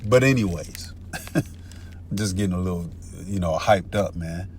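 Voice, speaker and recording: A man with a lowish voice gives a fired-up, cursing Bible lesson, dropping "man" and "bro" all through it. Faint vehicle noise hums behind him. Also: unhurried, darkish tone. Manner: heated and profane, peppered with "man" and "bro". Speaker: street-style scripture teacher. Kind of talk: casual profane Bible teaching.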